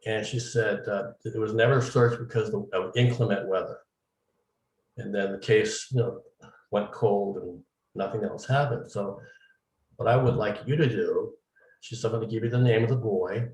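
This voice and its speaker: Heard through a distant mic in a roomy space, a man with a lowish, darkish voice at moderate pace relates his story casually during an interview. He goes on at length and acts out quoted dialogue, coming across as a medium-level interview guest.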